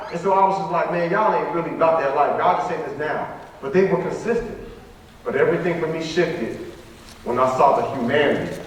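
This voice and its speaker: A man's voice: high voice, slight background noise. A young man giving a motivational school assembly speech, repeating phrases for rhythm and acting out dialogue. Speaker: motivational speaker. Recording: echoey hall from far off.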